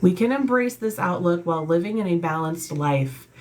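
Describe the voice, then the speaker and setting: A woman's voice: fairly low pitch, animated, moderate pace, a little mellow. A woman giving a casual tarot card reading, reading card meanings aloud and breaking off to talk bluntly and emphatically, swearing freely. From Italian heritage. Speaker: tarot reader.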